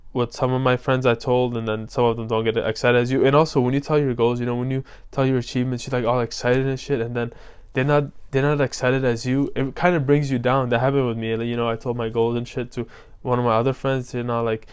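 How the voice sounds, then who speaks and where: A man's voice: medium pitch, smooth. A young man giving a casual motivational vlog talk as a self-improvement coach, loose and slangy, with lots of fillers.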